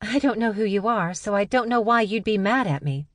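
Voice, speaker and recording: A woman's voice: mid-range voice, lively intonation, brisk, no room sound, studio quality, pitched above the performer's own voice, close to an everyday voice. Woman voicing an oblivious, guileless young woman. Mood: innocent. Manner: bright, matter-of-fact, guileless. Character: spacey, blunt young woman genius, oblivious.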